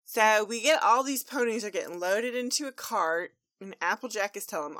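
A woman co-hosting a casual recap chat, animated and slipping into silly character voices. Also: medium pitch, moderate pace, hardly any pauses, no echo, clean studio sound. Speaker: podcast co-host recapping a cartoon.

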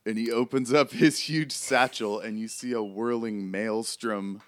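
A man's voice: fairly low pitch, steady tone, measured pace, fairly bright tone. A man narrating as game master of a tabletop role-play game. He describes the scene in a loose, casual way and keeps reaching for words with filler.

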